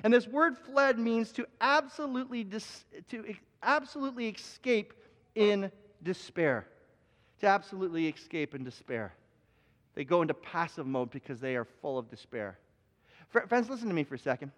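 High-voiced man preaching in a reverberant hall. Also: lively intonation, moderate pace, a bit bright. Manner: earnest, repeats phrases for emphasis, frequent restarts. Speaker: pastor. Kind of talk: live sermon. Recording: long reverb of a large hall.

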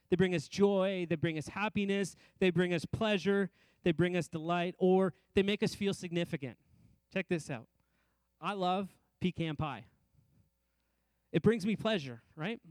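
A middle-aged male pastor with a fairly high voice delivers a sermon in rhythmic, repeated phrases. He climbs in pitch and slows down to stress his main points. The sound is dry and close, with little room echo. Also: darkish tone. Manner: varies emphasis, rising and slowing on key phrases; repetitive, rhythmic preaching.

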